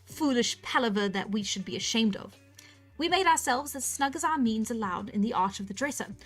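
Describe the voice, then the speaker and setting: Woman reading a novel aloud on a stream, kinda high voice, faint music behind. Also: brisk. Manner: relaxed and chatty, laughing at her own slips. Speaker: storyteller.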